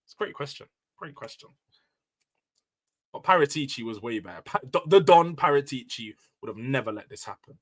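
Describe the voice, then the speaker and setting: A man hosting a casual football live stream, loud and emotional, ranting and then bringing it back down. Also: medium pitch, animated, brisk, poor audio. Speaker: livestream host.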